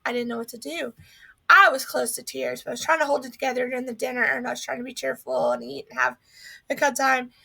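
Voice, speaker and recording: A woman's voice: sits high, gravelly, bright, forceful tone. A young woman from North Carolina sharing a personal faith testimony, telling her story earnestly and acting out what she thought.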